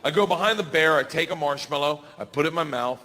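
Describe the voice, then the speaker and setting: A man in his forties telling a stand-up story, animated and yelling his punchlines, on a stage mic. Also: on the high side, fast talker. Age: 40s. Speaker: stand-up comedian. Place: large comedy venue. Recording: live stage mic with hall reverb and faint ambience.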